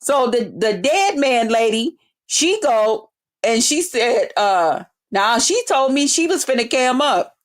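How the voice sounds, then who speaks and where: A woman telling a story in a loud, brash, profane rant. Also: on the high side, slow pace. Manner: loud, brash, heavy swearing, animated retelling. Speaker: vlogger.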